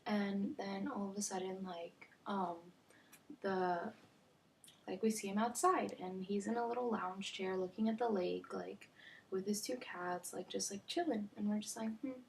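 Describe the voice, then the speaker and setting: Chatty young woman with gravelly fry. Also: mid-range voice, steady tone, measured pace. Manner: chatty, many "like" fillers, drops to near-whispers. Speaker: vlogger. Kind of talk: storytime vlog. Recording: faint background noise.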